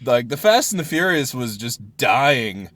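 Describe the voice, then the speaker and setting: A man hosting a casual podcast chat, excitable, laughing often and breaking off mid-sentence to start over. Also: medium pitch, measured pace. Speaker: podcast host.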